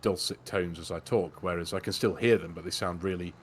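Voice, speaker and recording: A man's voice: sits low, fairly even intonation, a little fast, a little hiss or hum. A man chatting and telling self-deprecating stories while playing a farming game over a headset. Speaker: co-host of a farming game stream. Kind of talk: casual chat while gaming. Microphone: gaming headset.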